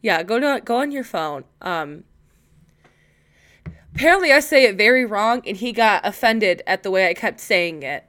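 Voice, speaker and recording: A young woman co-hosting a casual podcast, her voice bright and crisp. She tells stories with big swings in pitch, swears freely and breaks into laughter, recorded close on a podcast microphone. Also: moderate pace. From Illinois. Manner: animated storytelling with profanity and laughter. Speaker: podcast co-host.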